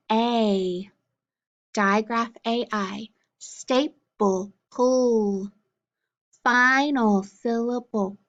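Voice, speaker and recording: A woman teaching a phonics lesson, drilling letters and sounds slowly and deliberately, one at a time. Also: a little high. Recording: dull lo-fi recording.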